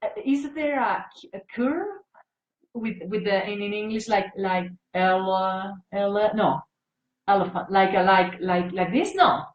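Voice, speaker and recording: A woman's voice: medium pitch, animated, unhurried, muffled recording. Hesitant woman asking questions, echoey call. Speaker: workshop participant.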